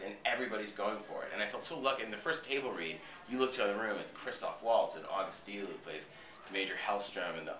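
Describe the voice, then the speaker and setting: A man's voice: lowish voice, sharp tone, a little hiss or hum. A man from Boston, an actor being interviewed, telling behind-the-scenes stories in a casual, profane way and acting out what others said. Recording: roomy echo, voice from a distance.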